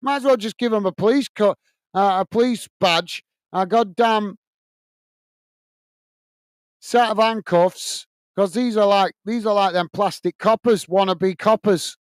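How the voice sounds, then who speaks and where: A man from England hosting a live football watch-along, calling the play and chatting with viewers in a chatty manner that quickly turns to ranting. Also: high-pitched, no echo. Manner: chatty, reads out viewer messages, quick to rant. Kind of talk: live football commentary and chat.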